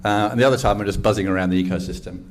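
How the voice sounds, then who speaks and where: A man in his sixties from England, with a West Country accent, speaks very fast in a fairly low, steady voice over slight background noise. He's an ecosystem engagement lead giving a chatty, enthusiastic, self-deprecating talk to a live audience at an event.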